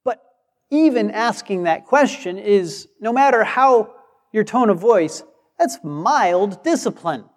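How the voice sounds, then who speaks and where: Male preacher, unhurried and emphatic, lingering reverb of a large hall. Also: high voice, lively intonation. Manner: emphatic, acts out quoted replies. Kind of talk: sermon.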